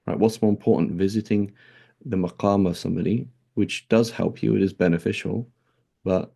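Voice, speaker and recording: A man's voice: sits low, gravelly, mellow, slightly rough. A man teaching a casual religious lesson, talking conversationally with many fillers and rhetorical "right?" questions. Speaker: Islamic teacher. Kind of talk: casual classroom lecture.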